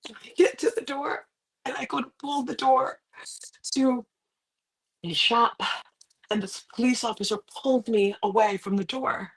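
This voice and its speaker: A woman's voice: fairly even intonation, measured pace, gravelly. Middle-aged woman, motivational author, dramatic personal storyteller with sudden swells. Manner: dramatic, with sudden rises in pitch and volume. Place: indoors on a carpeted floor.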